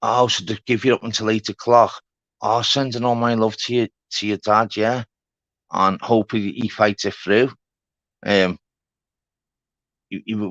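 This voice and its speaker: A man, hosting a casual live chat with viewers. He shouts out greetings, then drops into quiet, sombre talk. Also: on the low side, dry recording, dull audio. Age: 30s. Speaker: livestream host.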